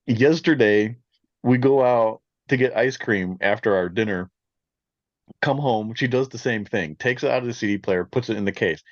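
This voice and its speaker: A man in his forties, a podcast co-host in casual chat, telling an animated story and laughing often. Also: medium pitch, moderate pace, no room sound, highs cut off.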